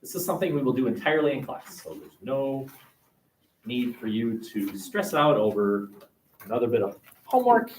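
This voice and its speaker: Lively teacher in an echoey classroom. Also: male voice, medium pitch, normal speed, far from the mic, a little hiss or hum. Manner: lively, joking, asks the class questions. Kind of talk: classroom lecture.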